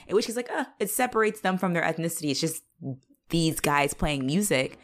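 A woman co-hosts a casual rewatch podcast, speaking fairly quickly in a medium-pitched voice. She recaps a TV episode, swearing freely as she acts out the characters' lines.

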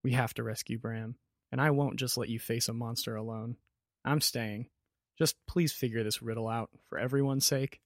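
A man's voice: medium pitch, fairly even intonation, normal speed, dry recording, clean studio sound, lightly acted. A man voicing a blunt, brave young woman archer who talks in a direct, questioning way. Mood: anxious.

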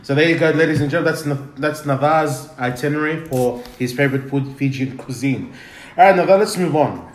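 A man hosting a casual podcast chat, laid-back and chatty, giving shout-outs. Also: a little high, fairly quick. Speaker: podcast host. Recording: roomy room with faint noise.

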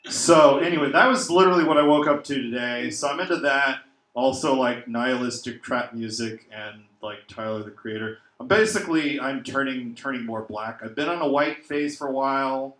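A man's voice: medium pitch, normal speed. Rambling tipsy man in an echoey room. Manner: rambling, excitable. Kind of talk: casual chat.

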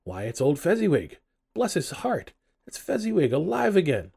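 A man's voice: fairly low pitch, expressive, a little slow, a little mellow, slightly rough. A man voicing an old miser in an audiobook reading, his lines lightly set apart from the narration. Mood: excited. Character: old male miser, moved and wistful.

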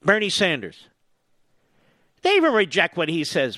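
Sarcastic high-pitched radio host man. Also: wildly swooping pitch, moderate pace, pauses often, sharp tone, dry recording. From US East Coast. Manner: sarcastic, mocking, combative. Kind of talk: opinionated talk radio monologue.

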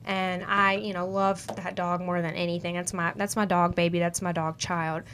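A woman's voice: fairly low pitch, level tone, moderate pace, a bit bright, a little hiss or hum. A young woman with a Southern US country accent, hosting a podcast and giving casual, upbeat advice, full of "like" and "you know". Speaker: podcast host.

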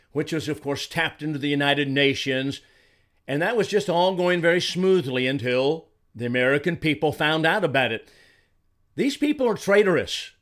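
Older male commentator from Arizona, indignant and emphatic, slightly higher voice. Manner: indignant, emphatic, repeats words when heated. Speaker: political commentator. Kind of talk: solo commentary monologue.

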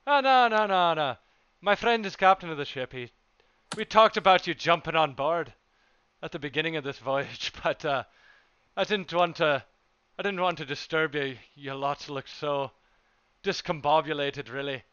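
A man's voice: a little high, normal speed, pushed and bright, clean tone, no echo. A man voicing a friendly male musician on a ship who talks in a chatty, hesitant, polite way. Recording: dull lo-fi dry sound.

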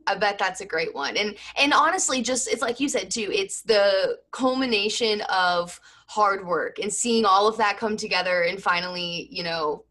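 Female host, bright clear voice, reacts eagerly to the guest. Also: medium pitch, normal speed, few pauses. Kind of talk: casual interview chat.

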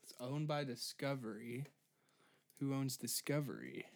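A man's voice: medium pitch, moderate pace, a bit bright. Profane ranting young man. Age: 20s. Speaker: podcast host. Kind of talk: solo comedic rant.

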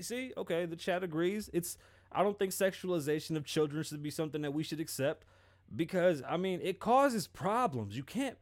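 A male host giving casual, profane pop-culture commentary on a livestream and acting out quoted dialogue. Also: fairly high pitch.

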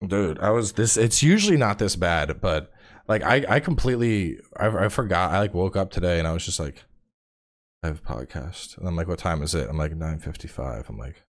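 A tired man in his thirties, a podcast guest chatting casually and telling animated stories with plenty of swearing. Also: low-pitched, a little fast. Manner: animated storyteller, swears freely. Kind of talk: casual chat.

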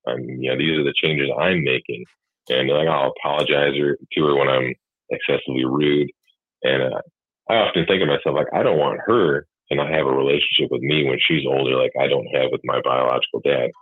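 A man's voice: a bass voice, fairly even intonation, brisk, no echo. A man talking candidly about being a father, rambling and swearing freely. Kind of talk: casual chat. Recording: husky tinny phone-like line, dry.

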